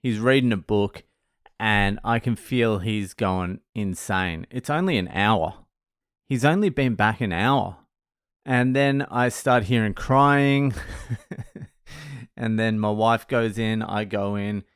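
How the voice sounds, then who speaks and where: A man's voice: lowish voice, slow pace, clear, resonant tone, dry recording, studio quality. A man, hosting a show and telling funny stories in a casual, profane, joking way. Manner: profane, joking, laughs at his own stories. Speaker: podcast host answering questions. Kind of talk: casual storytelling monologue.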